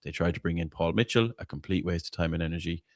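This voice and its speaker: This football podcast host is a blunt man with a low, deep voice and a quick pace. He swears freely and pushes strong opinions, stumbling and repeating himself as he builds his argument, captured in a close, dry recording without echo or room sound.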